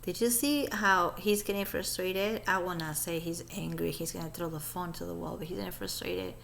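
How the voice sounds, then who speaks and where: A woman's voice: fairly low pitch, fairly even intonation, normal speed, vocal fry, a bit bright, slight background noise. A woman giving chatty, gossipy commentary over a recording she plays.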